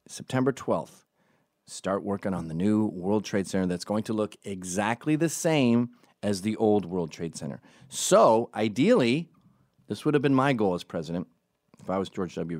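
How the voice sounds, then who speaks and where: A man's voice: fairly low pitch, darkish tone, no echo, clean studio sound. A man hosting a podcast who talks through a casual comic monologue in a profane, rambling and sarcastic way.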